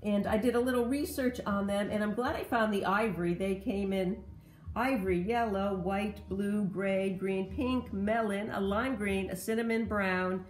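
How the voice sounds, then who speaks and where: A woman's voice: mid-range voice, moderate pace, roomy sound, slight background noise. A woman in a casual vlog, chatting about her thrift-store finds and explaining their history in detail. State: slight cough. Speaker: thrift reseller showing finds. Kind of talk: casual show-and-tell vlog.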